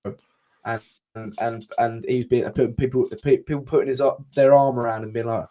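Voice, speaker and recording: A man's voice: medium pitch, fairly even intonation, normal speed, warm tone. A young man co-hosting a casual podcast chat, talking passionately and with frustration, swearing freely and often restarting his sentences. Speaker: podcast co-host.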